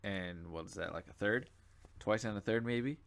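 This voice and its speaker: A young man talks through a browser game in a slightly low voice, sleepy and yawning now and then. He rambles and loops back on himself with plenty of fillers, with the odd mouse click behind him. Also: moderate pace, gravelly. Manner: rambling and chatty, with many fillers and asides. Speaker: gaming channel host. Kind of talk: casual gameplay commentary.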